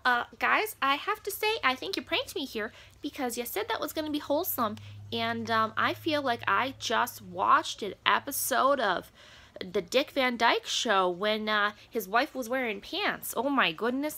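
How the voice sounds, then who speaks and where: A fussy, scandalized old grandmother, played by a woman, rambles through a comedy reaction video. Her voice sits fairly high, with a gravelly creak and a bright, sharp edge. It jumps all over as she frets and wanders into quaint asides. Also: full character voice. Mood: relieved. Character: prim, nosy elderly grandmother reacting to a pop act.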